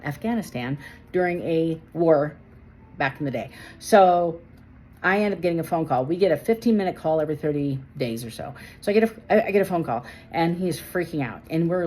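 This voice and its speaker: A woman in her forties with a low voice reads tarot cards in a casual, chatty way. She is emphatic and animated, hammering points home by repeating them. A faint hiss of noise sits under her voice. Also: poor audio. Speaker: tarot reader. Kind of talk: casual tarot reading with personal storytelling.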